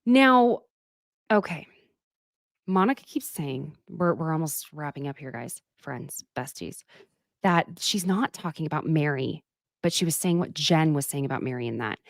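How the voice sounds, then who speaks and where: Animated woman dishing gossip on a podcast. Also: low voice, moderate pace, vocal fry, no room sound, studio quality. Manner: animated, breathless storytelling with frequent laughs. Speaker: podcast host. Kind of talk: casual gossip chat.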